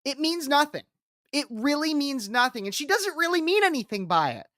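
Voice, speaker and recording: A woman's voice: high-pitched, very animated, fairly quick, a bit bright, dry recording, clean studio sound. A woman political commentator reacting to a speech clip, talking in an emphatic, repetitive and combative way.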